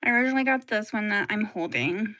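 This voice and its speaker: A woman chatting casually on a livestream at home while showing her pets, soft-spoken, sighing often and slipping into whispers. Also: medium pitch, expressive, fast, no room sound, clean studio sound.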